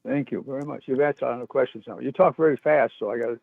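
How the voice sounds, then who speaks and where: Caller guy, gravelly, halting, muffled lo-fi phone line. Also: medium pitch, steady tone, no echo. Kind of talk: phone-in question. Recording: lo-fi phone-in audio.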